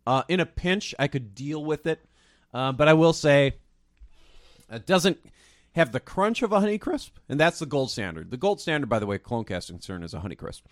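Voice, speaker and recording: A man co-hosting a podcast in casual chat, animated, swearing and laughing often. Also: mid-range voice, normal speed, no echo, studio quality. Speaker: podcast co-host.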